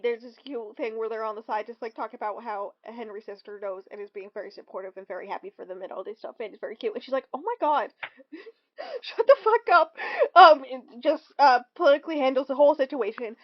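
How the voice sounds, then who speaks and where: A woman with a high voice co-hosts a podcast and chats casually through a film recap. She rambles, fills gaps with ums and breaks into short acted-out quotes, heard on a dull lo-fi recording. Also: steady tone, fast, hardly any pauses. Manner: rambling, lots of ums, acts out quotes in bursts. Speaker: podcast co-host.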